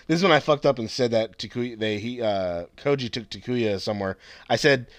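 A man's voice: mid-range voice, moderate pace, no room sound. A young man casually recapping an episode with a co-host, swearing a lot and acting out the scenes. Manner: profane, excitable, acts out scenes with voices. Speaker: podcast co-host recapping an anime. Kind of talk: casual chat.

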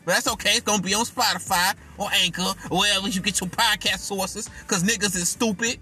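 A man hosting his podcast, delivering a heated, profane rant that keeps bursting into shouts. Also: sits high, steady tone, fairly quick, faint music behind. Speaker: podcast host.

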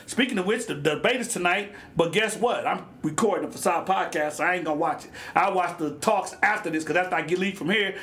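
A man hosting a solo podcast, joking and hopping between topics and sidebars in a loose, animated way. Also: high-pitched. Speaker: podcast host. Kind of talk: casual solo podcast monologue.

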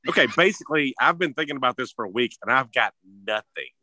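A man's voice: medium pitch, lively intonation, fast, pushed and bright, dry recording. A young man in a casual family chat, joking and laughing. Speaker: family member on show.

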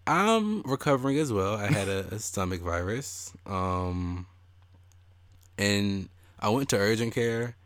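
This podcast co-host is a young man whose lowish voice moves at a measured pace with no echo. Chatting casually, he's an animated storyteller who performs the quotes he relays.

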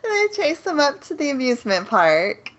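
Giggly high-voiced woman co-host, lo-fi. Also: big pitch swings, normal speed, fairly bright tone. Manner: laughs often, short agreeing replies. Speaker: podcast co-host. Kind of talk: casual movie recap chat. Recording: dull lo-fi sound.

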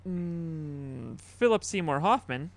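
A man hosting a casual chat, talking in halting bursts and laughing at himself. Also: on the high side, expressive, gravelly. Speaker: podcast host.

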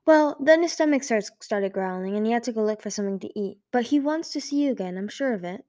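A woman's voice: a little high, lively intonation, quick pace, a little mellow, dry recording, clean studio sound, natural voice. A woman voicing an anxious, hopeful young female dragon in an audiobook reading, earnest and pleading.

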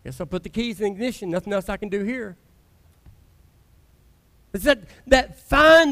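High-voiced pastor preaching conversationally. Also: male voice, fairly bright tone. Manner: conversational, emphatic preaching with dramatic pauses. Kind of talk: sermon.

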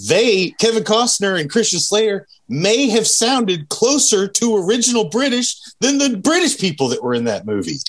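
Animated, rambling young man. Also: high voice, moderate pace, hardly any pauses. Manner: animated, rambling, swears freely. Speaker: podcast co-host. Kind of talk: casual chat.

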